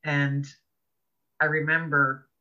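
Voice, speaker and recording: Woman guest, earnest expressive storyteller, very bright piercing voice, dull lo-fi recording. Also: deep voice, slow pace. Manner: earnest, expressive storyteller who laughs between thoughts. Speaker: podcast guest, author. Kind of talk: personal storytelling in an interview. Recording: dull lo-fi audio.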